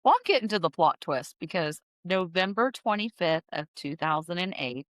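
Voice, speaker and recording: A woman's voice: lowish voice, animated, moderate pace, no room sound. A woman podcast host casually telling a true-crime story, chatty and full of fillers and restarts. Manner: chatty, filler-heavy, self-correcting storyteller. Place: in-person podcast studio.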